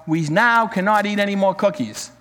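A man's voice: high voice, moderate pace, bright, forceful tone, big-room sound. A man reading as a patient, sensible frog. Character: sensible male frog friend, calm and reasoning. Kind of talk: storybook reading.

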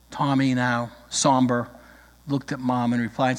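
A middle-aged man preaching a sermon, emphatic and slowing down to read scripture. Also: mid-range voice, little pitch movement. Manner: emphatic, drawn-out scripture reading. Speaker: pastor. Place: church sanctuary. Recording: echoey church hall.

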